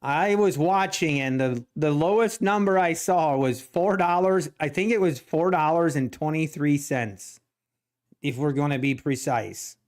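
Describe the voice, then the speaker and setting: A man hosting a live day-trading stream, excitable, laughing often and repeating himself. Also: on the high side, unhurried. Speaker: day-trading livestream host.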